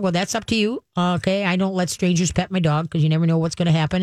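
A woman's voice: fairly low pitch, darkish tone, no room sound, clean studio sound. Chatty folksy woman radio host. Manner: folksy, chatty, acts out voices. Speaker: radio show host, dog trainer. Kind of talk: casual call-in radio advice.

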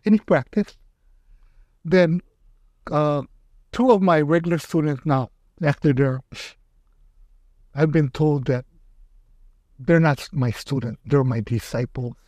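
A man's voice: fairly high pitch, slow pace, pauses often, no room sound, dull audio. An older man, an aikido teacher, telling stories in a casual interview and acting out what people said. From Hawaii. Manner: animated, acts out quotes in raised voice.

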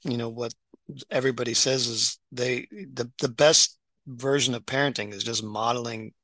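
A man's voice: medium pitch, steady tone, normal speed, bright, forceful tone, dry recording, low-quality recording. A middle-aged man, a doctor and writer, talking casually with many restarts and fillers. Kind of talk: casual podcast conversation.

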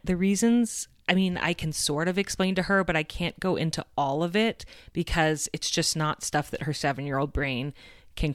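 Podcast host, woman, low and resonant voice, earnest reflective storyteller. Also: dry recording, clean studio sound. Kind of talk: podcast monologue.

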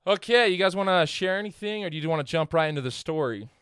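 A male podcast host with a slightly raised, smooth and resonant voice. He sounds congested from a head cold and talks in a loose, chatty way, full of fillers and restarts. The recording is dry and close. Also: sits high, expressive, fast talker, a bit bright, dry recording. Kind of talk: casual podcast chat.

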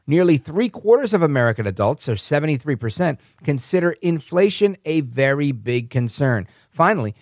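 Male podcast host, calm conversational commentary, dry close recording. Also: medium pitch, dry recording. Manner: conversational, self-correcting, calm. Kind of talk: political commentary monologue.

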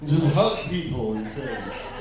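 A man's voice: medium pitch, lively intonation, slow pace, very noisy. Bantering stand-up man in echoey club. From New Jersey. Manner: chatty, playful crowd banter. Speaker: stand-up comic. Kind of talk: stand-up routine. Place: comedy club stage. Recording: echoey club with loud crowd.

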